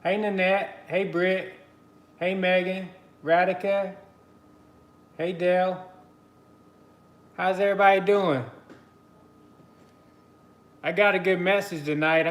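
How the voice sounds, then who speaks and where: A man with a slightly high voice hosts a casual livestream through a computer mic in an echoey room. He's chatty and laughs easily as he greets his viewers by name.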